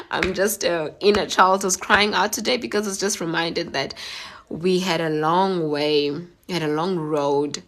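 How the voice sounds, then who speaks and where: Teary woman, low voice. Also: a bit bright. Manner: emotional, heartfelt, halting with fillers. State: teary after crying. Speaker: live-stream host. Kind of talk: earnest live-stream talk reading comments. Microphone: phone.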